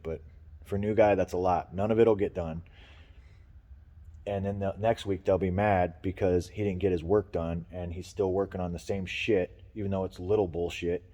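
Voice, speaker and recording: Cast: low-voiced man, rambling, profane vlogger venting about work, casual delivery. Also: warm tone, in a large hall.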